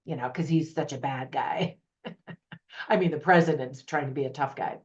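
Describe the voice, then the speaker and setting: A woman's voice: deep voice, moderate pace. A woman hosting her own movie review channel, chatting to camera with opinionated, laughing asides. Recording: slightly dull lo-fi audio.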